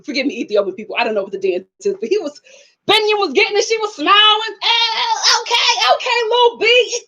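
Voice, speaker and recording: A woman's voice: sits high, quick pace, highs cut off. A young woman hosting a reality TV review, chatting casually and animatedly, often laughing and acting out what people said. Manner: animated, laughing, acts out quotes. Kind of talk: casual chat.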